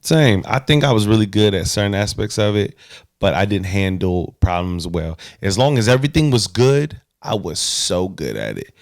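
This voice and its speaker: Deep gravelly laid-back man. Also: sing-song, dry recording, clean studio sound. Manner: laid-back, reflective, quick to joke. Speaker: podcast co-host. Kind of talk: casual chat.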